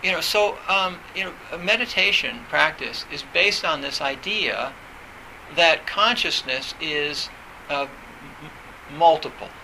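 Gravelly, bright-voiced halting man. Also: on the high side, a little hiss or hum, rough recording. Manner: hesitant, halting, many fillers and restarts. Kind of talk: reflective talk on meditation.

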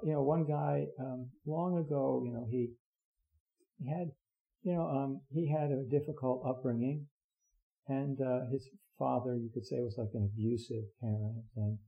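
An older man giving an earnest dharma talk as a Zen teacher, halting with many fillers and restarts. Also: mid-range voice, steady tone, gravelly. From United States. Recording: dull lo-fi recording.

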